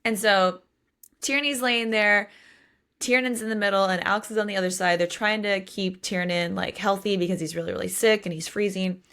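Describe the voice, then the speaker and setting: A woman's voice: mid-range voice, fairly even intonation, normal speed, fairly bright tone, clean tone. Chatty woman recapping a book. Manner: chatty, recaps plot with acted-out quotes. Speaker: podcast co-host. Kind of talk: casual book discussion.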